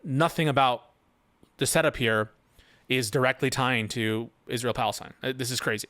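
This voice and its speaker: A man's voice: mid-range voice, steady tone, moderate pace, a bit bright, no room sound. A male commentator giving reaction commentary, rebutting a written post point by point with incredulous, sarcastic remarks. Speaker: political commentator.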